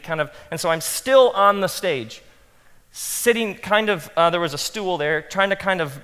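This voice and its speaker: A man speaking as a pastor to a live audience, telling animated stories and acting out his own thoughts in soft asides. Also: sits high, normal speed, clear, resonant tone, long reverb tail. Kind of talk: talk to pastors, animated storytelling.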